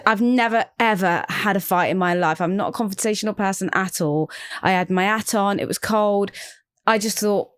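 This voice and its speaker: A woman's voice: medium pitch, clean tone. A young woman from England co-hosting a podcast, chatting casually, swearing and laughing often. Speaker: podcast co-host. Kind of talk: casual storytelling chat.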